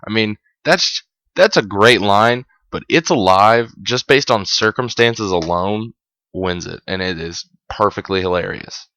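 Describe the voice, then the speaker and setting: A man's voice: on the low side, measured pace, bright, forceful tone, no echo. A man hosting a podcast, chatting casually through an episode recap, amused and correcting himself as he goes. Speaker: podcast host. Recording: dull, dry lo-fi sound.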